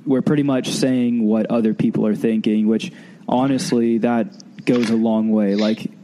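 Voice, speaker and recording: A man's voice: fairly low pitch, fairly even intonation, unhurried, mellow. A man co-hosting a podcast in casual chat, a bit stuffy from a sinus cold, earnest and easygoing. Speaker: podcast co-host.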